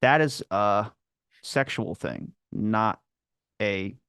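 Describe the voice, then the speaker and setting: A man's voice: lowish voice, very slow, a bit bright, smooth, no echo, studio quality. A man from Maryland with a Baltimore accent, hosting a casual podcast chat, curious and rambling as he talks. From Maryland, United States. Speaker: podcast host.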